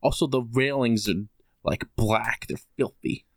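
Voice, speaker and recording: A man's voice: medium pitch, a little slow, dry recording. A man co-hosting a casual podcast, telling a story animatedly and swearing a lot. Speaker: podcast co-host. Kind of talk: casual chat.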